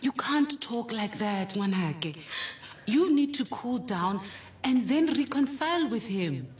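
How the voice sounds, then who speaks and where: A woman's voice: fairly high pitch, animated, slow pace, darkish tone. A woman playing a worried, soothing mother with a South African accent, pleading and consoling. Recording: distant mic, faint music.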